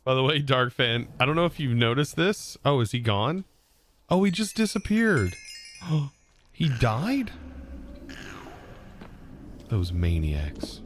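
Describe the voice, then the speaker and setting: A man's voice: fairly high pitch, animated, unhurried, fairly bright tone, slight background noise. A man streaming a modded building game, chatting loosely with his viewers and rambling about words while he plays. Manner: rambling, chatty, talks to his chat between game tasks. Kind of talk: casual live-stream chat while playing.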